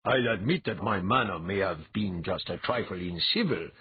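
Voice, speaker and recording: A man voicing a shrewd, grave male priest envoy, measured and wry. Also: sits low, husky, dry recording, highs cut off. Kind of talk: audiobook character voice.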